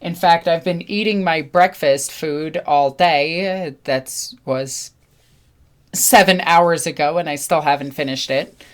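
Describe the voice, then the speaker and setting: A young woman hosting her own channel, chatting casually and telling a story, acting out other people's lines with lively energy. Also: low voice, takes it slowly. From New York. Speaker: channel host.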